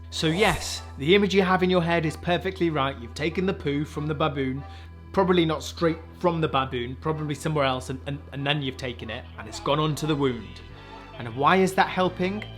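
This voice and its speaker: A man's voice: a little high, a bit bright. A man in his twenties, a junior doctor and comedian, hosting a comic science news roundup with sarcastic asides. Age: 20s.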